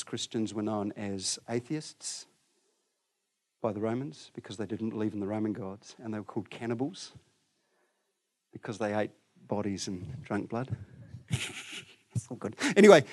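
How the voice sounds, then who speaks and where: A man preaching a sermon, telling the story with lively voices for the people in it. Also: medium pitch. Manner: animated storytelling, acts out voices.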